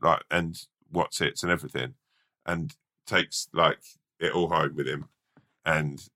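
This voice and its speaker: A man's voice: a bass voice, sharp tone. A man co-hosting a podcast and telling a rambling, swear-laden story full of fillers. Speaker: podcast co-host. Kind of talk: casual chat and rambling storytelling.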